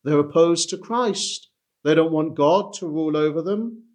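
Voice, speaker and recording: A man's voice: on the high side, normal speed, a little mellow. A man preaching a sermon, emphatic and repeating his key phrases for weight.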